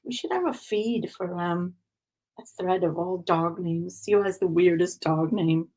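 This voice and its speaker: Woman, gravelly-edged voice, chatty crafting host who laughs a lot. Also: on the low side, a little slow, dark tone. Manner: chatty, laughs often, greets viewers by name. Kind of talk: casual chat while cross-stitching.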